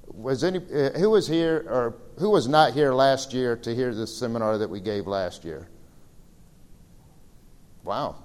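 A man giving a slideshow seminar talk, telling stories in a casual, rambling way with fillers. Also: mid-range voice. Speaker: seminar presenter. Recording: reverberant hall recording.

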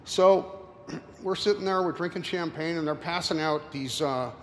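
A man in his sixties giving a casual slide talk with anecdotes to an audience, rambling and halting with many fillers. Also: fairly high pitch. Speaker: presenter. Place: room with an audience. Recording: reverberant hall, faint noise.

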